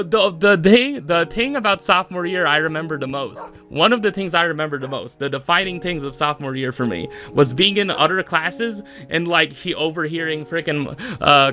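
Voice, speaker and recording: A young man in his mid-twenties rants on his own podcast, his voice sitting fairly high and sounding bright and forceful. He rambles with constant fillers, circling back in exasperation. Faint music runs underneath. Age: mid-20s. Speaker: podcast host. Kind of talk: solo rant.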